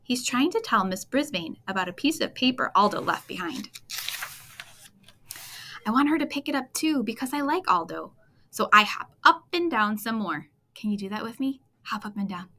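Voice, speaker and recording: An expressive woman reading a children's bedtime story aloud. Her voice is bright and crisp, swooping up and down with lively, playful pitch as she draws young listeners in. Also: moderate pace. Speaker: storytime reader.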